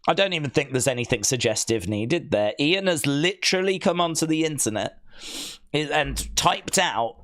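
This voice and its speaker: A man hosting a live stream, reading viewer comments aloud in casual, playful chat and teasing them, often leaping into a high mock-outraged voice. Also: animated, unhurried, fairly bright tone. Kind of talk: casual watch-along chat.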